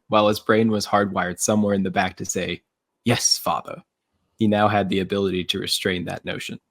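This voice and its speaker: Playful low-voiced man narrating. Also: fairly even intonation, brisk, no room sound. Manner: playful, laughs often. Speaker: host and story writer. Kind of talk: reading narration and casual chat.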